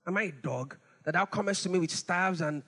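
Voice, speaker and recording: A man voicing a boastful giant warrior who mocks his young opponent, in a lower, scornful tone. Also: fairly quick, bright, forceful tone, exaggerated voice. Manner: scornful, mocking. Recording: long hall reverb.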